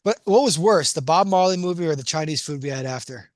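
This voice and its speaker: A man co-hosting a casual podcast, trading quick, teasing banter and laughing often. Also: fairly high pitch, animated, no room sound, studio quality. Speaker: podcast co-host. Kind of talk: casual chat.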